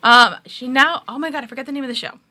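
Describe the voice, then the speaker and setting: A woman's voice: high voice, quick pace, pushed and bright. A woman co-hosting a casual review chat, recapping the plot loosely with many fillers. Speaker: co-host.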